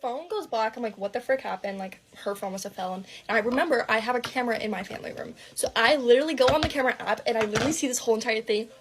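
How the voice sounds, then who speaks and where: A young woman telling a wild personal story in casual storytime style, fast and dramatic, with lots of "like" fillers and swearing. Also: a little high, a little hiss or hum.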